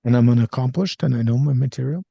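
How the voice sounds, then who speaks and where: A man's voice: medium pitch, fast talker, vocal fry, no echo. A man hosting a podcast, telling candid anecdotes with frequent ums in a casual conversation, on a slightly dull recording. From Canada. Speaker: podcast host.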